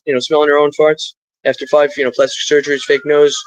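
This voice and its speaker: A man's voice: on the high side, level tone, fast talker, no echo, rough recording. A middle-aged man talking to his live stream in a rambling, stream-of-consciousness way, drifting into spiritual asides.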